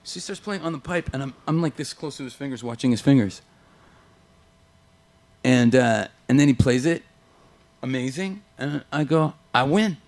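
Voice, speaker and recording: A man chatting casually as a guest, telling lively anecdotes, acting out what others said and swearing freely. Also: mid-range voice, normal speed, pauses often. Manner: animated anecdotes, acts out quoted voices, swears. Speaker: guest guitarist. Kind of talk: casual storytelling chat.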